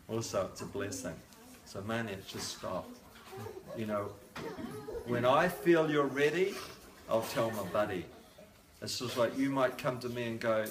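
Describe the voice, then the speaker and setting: A man's voice: medium pitch, normal speed. An older man giving a devotional sermon at a home program, repeating phrases for emphasis and adding joking asides. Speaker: lecturer. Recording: echoey room.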